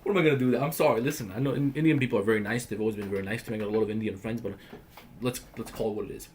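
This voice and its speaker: A man's voice: on the low side, rapid-fire, a little mellow, slight background noise. A man from the Balkans hosting a livestream, answering viewer questions in a blunt, profane, emphatic rant. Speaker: livestream host.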